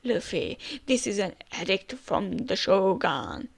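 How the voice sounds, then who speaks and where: A woman's voice: mid-range voice, expressive, takes it slowly, creaky, husky, heavily acted. A woman voicing a young boy ruler who scolds in a pompous, indignant way. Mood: stern.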